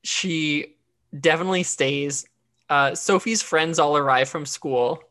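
With a deep, fairly bright voice and a slightly slow pace, this woman co-hosts a podcast. She recaps an episode in casual, chatty talk full of fillers and restarts.

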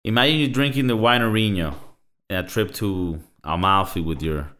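With a deep, slightly bright voice at a moderate pace, this Latin American man co-hosts a podcast. His casual talk is loose and laced with swearing, peppered with "bro" and "like."

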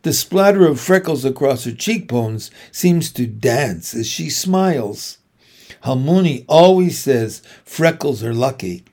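A man reading a children's novel aloud in a steady, unhurried way. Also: mid-range voice. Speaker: reader.

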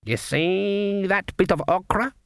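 A man voicing a grim, knowing voodoo cook woman who speaks in a slow, drawling, rolling growl. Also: sits high, vocal fry, fairly bright tone, clean tone, no room sound, clean studio sound, pitched above the performer's own voice, exaggerated voice.

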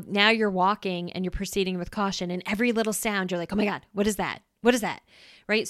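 Smooth-voiced chatty woman podcaster. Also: medium pitch, fairly bright tone, dry recording, clean studio sound. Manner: chatty, checks in with "right?", acts out quick voices. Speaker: podcast host. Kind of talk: casual solo podcast explainer.

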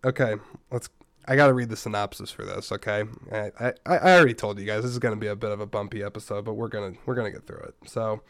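A man's voice: fairly low pitch, fast talker, dry recording, clean studio sound. A man hosting a casual solo podcast, a bit tired while getting over a stomach bug, chatty and rambling with frequent asides and restarts. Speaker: podcast host.

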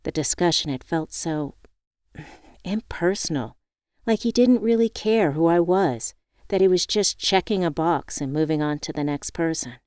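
A woman narrating a first-person audiobook in a measured, expressive reading, close to the mic. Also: sits low, dry recording.

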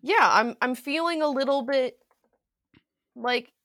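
A woman's voice: high voice, slow, a bit bright, no room sound, studio quality. A young woman co-hosting a podcast, talking casually with lots of "like" and frequent laughter. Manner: rambling, lots of "like", laughs often. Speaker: podcast co-host. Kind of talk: casual chat.

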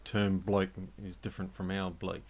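A man co-hosting a podcast in casual chat, speaking in a slow, hesitant, dry way. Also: low-pitched, level tone, darkish tone. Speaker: podcast co-host.

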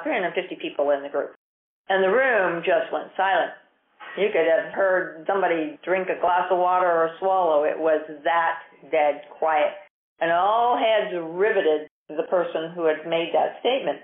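A woman market educator giving an earnest, emphatic storytelling talk. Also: lowish voice. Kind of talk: recorded talk on investing. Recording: tinny phone-like sound, echoey room.

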